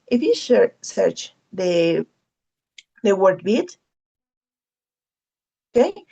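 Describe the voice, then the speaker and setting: A woman's voice: medium pitch, creaky, mellow, dull audio. A woman whose first language is Spanish teaching an English class, patiently repeating key phrases and often checking in with "okay?". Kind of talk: online class instruction.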